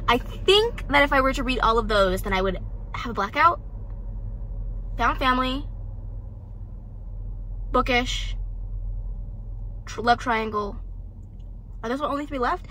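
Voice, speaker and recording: A young woman talking casually to the camera at home about the books she is reading, animated and self-deprecating. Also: a little high, brisk, slight background noise. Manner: chatty, animated, self-deprecating with bursts of loud excitement. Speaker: book vlogger. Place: her home.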